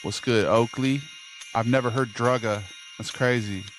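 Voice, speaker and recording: Game music plays behind a young man streaming a video game and joking with his viewers in slangy, casual chat. His mid-range voice is fairly even in intonation and a little slow.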